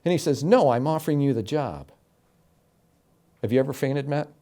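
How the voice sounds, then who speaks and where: A middle-aged man from Florida, an interview guest telling his story with animated, emphatic delivery and acted-out quotes. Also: mid-range voice, moderate pace. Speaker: interview guest, game show announcer.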